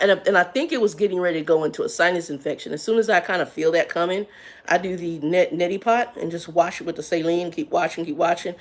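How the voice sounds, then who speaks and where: A woman chats on a livestream in a loose, rambling way, calling her viewers "y'all" and greeting them by name. Her voice has a gravelly fry to it, and she sounds a little congested from sinus drainage. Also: on the low side. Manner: Southern-style slang, "y'all". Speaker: livestream host. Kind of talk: casual livestream chat.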